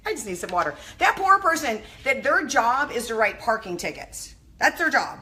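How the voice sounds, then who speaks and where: A middle-aged woman giving a casual motivational talk on a live stream, animated and effusive, greeting her viewers by name. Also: on the high side, normal speed.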